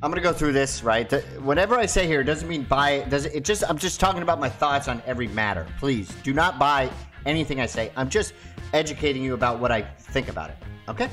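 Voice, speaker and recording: A man delivers a casual, ranting monologue as the host of his own video, his tone mocking. His pitch swings a lot as he talks. Faint music plays underneath. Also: animated, fast talker, a bit bright.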